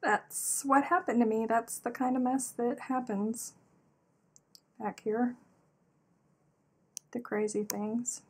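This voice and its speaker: A woman's voice: a little high, slow, pauses often, slightly rough. A woman in her thirties hosting a live craft stream, chatting casually and reading out viewer comments. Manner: animated storyteller, reads out chat comments. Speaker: livestream host. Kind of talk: casual chat while crocheting.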